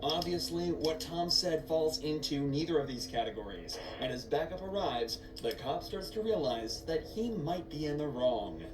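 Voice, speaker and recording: A man's voice: fairly high pitch, expressive. Echoey man narrating a legal breakdown. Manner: explanatory, measured legal breakdown. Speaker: video narrator. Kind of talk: scripted narration. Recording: echoey distant voice-over with background hum.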